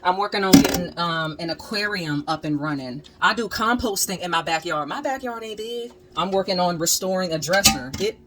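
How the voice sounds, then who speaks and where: A woman with a somewhat low voice chats at home about her DIY projects, candid and slangy, telling stories with lively energy and urging her viewers on. A faint background hum sits under her voice. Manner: candid, animated storyteller, slangy and encouraging. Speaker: DIY channel host. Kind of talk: casual storytime chat to camera. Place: at home, moving between rooms.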